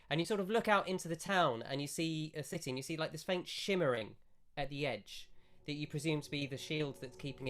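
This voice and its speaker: Rambling game master. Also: male voice, a little high, a bit bright. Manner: rambling, self-correcting descriptions. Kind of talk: narrating a tabletop game.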